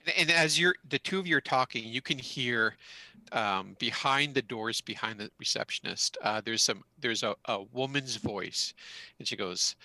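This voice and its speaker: A man's voice: medium pitch, normal speed, pushed and bright, no room sound, poor audio. A man narrating a tabletop roleplaying game as game master, rambling with many fillers. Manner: rambling, full of fillers and restarts.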